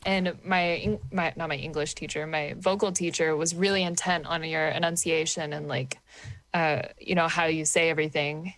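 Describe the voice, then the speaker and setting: A woman's voice: low-pitched, steady tone, normal speed, a bit bright, rough recording. A woman from Oklahoma, a singer-songwriter guest, chatting frankly on a podcast, swearing freely and laughing often. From Oklahoma, USA. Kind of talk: casual podcast chat.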